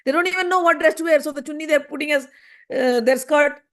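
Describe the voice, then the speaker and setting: High-voiced woman telling a scripture story. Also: quick pace. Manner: animated storyteller, acts out quoted voices. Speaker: scripture class teacher.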